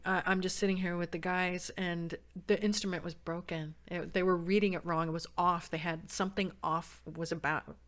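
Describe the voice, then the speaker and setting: A woman from San Diego, a podcast guest, telling a personal story and acting out the quoted voices with big jumps in pitch and loudness.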